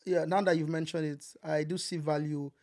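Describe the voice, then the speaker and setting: A man from Nigeria, in his thirties, co-hosting a podcast in casual chat, animated and acting out quotes. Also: fairly high pitch, moderate pace. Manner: animated, acts out quotes, repeats words. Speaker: podcast co-host.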